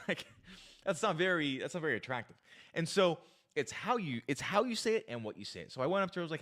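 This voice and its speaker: A man's voice: fairly high pitch, fast talker. A man giving dating advice through an eager story, acting out the dialogue. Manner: eager, animated, acts out dialogue.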